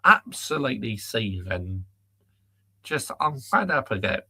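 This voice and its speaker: A man's voice: medium pitch, very animated, a little slow, pushed and bright, slightly rough. A man hosting a football channel, reading out viewer comments and ranting back at them in exasperation. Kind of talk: live chat reaction rant.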